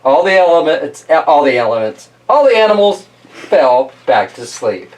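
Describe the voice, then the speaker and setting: A man's voice: a little high, very animated, moderate pace, darkish tone, distant mic. Chatty man reading a picture book aloud. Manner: chatty, laughing, jokey asides. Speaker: storyteller host.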